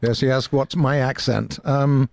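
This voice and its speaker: A man's voice: medium pitch, steady tone, measured pace, gravelly, darkish tone, no room sound. An older man with a mid-Atlantic accent chatting casually as a guest, with dry, teasing humor. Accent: mid-Atlantic English. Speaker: narrator guest. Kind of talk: casual chat.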